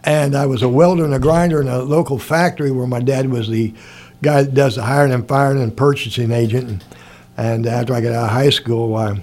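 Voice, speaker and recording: A man's voice: medium pitch, steady tone, fairly quick, a little mellow. An older man from Indiana, telling stories from his life in a rambling, casual way and chuckling often. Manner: rambling, chuckles often, acts out quoted people. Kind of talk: casual storytelling.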